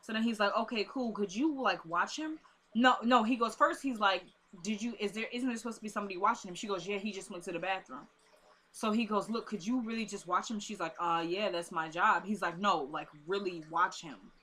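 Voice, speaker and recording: A woman's voice: medium pitch, brisk, a bit bright. A young woman, chatting casually as she recaps a TV episode and retells the scenes with quoted lines and asides.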